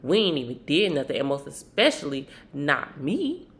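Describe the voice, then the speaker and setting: A woman putting on the voice of a fed-up woman who refuses blame, low and clipped. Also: sing-song, moderate pace.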